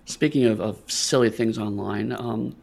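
A man with a gravelly voice speaks on a podcast in a laid-back, halting way. His tone is relaxed and casual. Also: fairly low pitch. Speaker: podcast co-host.

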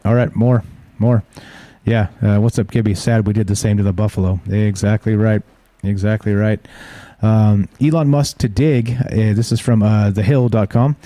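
A man's voice: fairly low pitch, normal speed, dark tone, dry recording. A man hosting a casual live stream, reading news headlines aloud and adding offhand asides. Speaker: show host.

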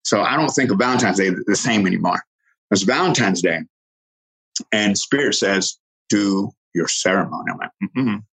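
A middle-aged man earnestly telling a personal story, halting and restarting, quoting others in lively voices. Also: lowish voice, vocal fry, slightly rough, poor audio.

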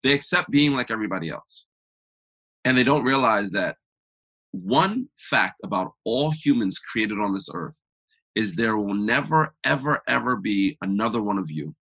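Husky, emphatic motivational man. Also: lowish voice, lively intonation, moderate pace, bright, forceful tone. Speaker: podcast guest, author. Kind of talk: conversational interview.

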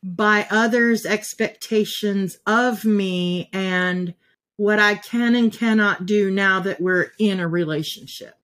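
A woman in casual conversation, animated and laughing often, her thoughts jumping ahead of her words. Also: mid-range voice, slow pace.

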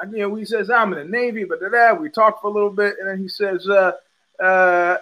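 A man's voice: high voice, fairly even intonation, a little fast, pushed and bright, low-quality recording. An older man hosting a podcast, telling a rambling story with many fillers and restarts, acting out the people he quotes. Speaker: podcast host. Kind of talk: casual storytelling monologue.

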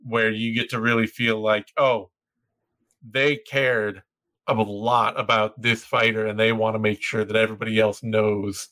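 Young dude cohosting a podcast, hyped rambling chat, bright tense voice. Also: male voice, fairly low pitch. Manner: excited, rambling, quick bursts. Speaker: podcast co-host.

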